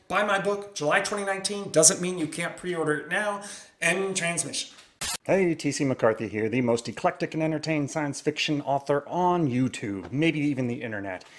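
A man who writes science fiction, talking to camera on his own channel in a chatty, upbeat way and tossing in playful sound effects. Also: on the high side. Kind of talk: casual vlog monologue. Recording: roomy echo.

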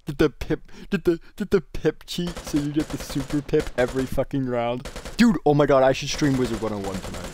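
A man rambles through casual gameplay commentary as a gaming YouTuber, ranting and swearing freely. His pitch is mid-range for a man but swings widely as he gets worked up. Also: normal speed, gravelly, long pauses, slight background noise. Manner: rambling, profane, animated ranting.

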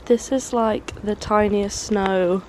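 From her student bedroom, a young adult vlogger chats casually to a handheld compact camera in a bubbly, giggly way. Her mid-range voice holds a steady tone, slow and darkish, with slight background noise.

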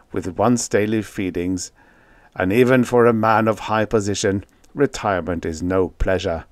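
A man's voice: low-pitched, no echo. A man doing a hulking gloomy shelled alien. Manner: slow, formal, mournful. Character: huge shelled male alien, ponderous and gloomy.

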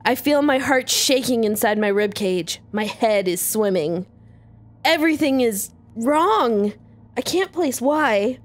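A woman reads a visual novel aloud on a let's play, high-voiced and full of dramatic rises and falls. She takes her time and gives each line an expressive, theatrical reading. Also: takes it slowly.

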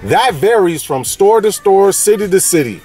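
A man's voice: high-pitched, very animated, moderate pace, dark tone, slightly rough, soft background music. A man from California hosting a casual toy-hunting vlog, with playful slang-filled banter and a sing-song delivery. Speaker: toy collecting vlogger.

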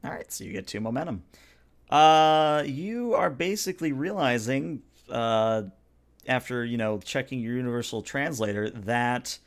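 A man running a tabletop game at an average pitch, talking through rolls and scenes with a relaxed, filler-heavy style. He drifts between rules talk and scene narration. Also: measured pace. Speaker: game master.

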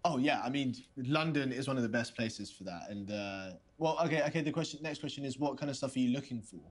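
A man's voice: mid-range voice, lively intonation, fast talker, natural voice. An actor playing a hesitant, polite young man on a video date, often stammering and restarting. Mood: eager. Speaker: player character on video dates.

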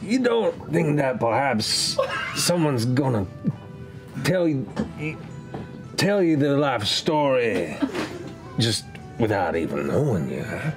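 A man's voice: medium pitch, sing-song, takes it slowly, pauses often, over music. A man voicing a mischievous one-eyed male tavern patron, sly and evasive in his replies.

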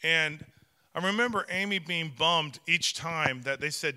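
A man in his thirties, a pastor preaching a sermon and telling family stories in an animated way with playful acted quotes. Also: a little high, normal speed, clean tone, in a large hall.

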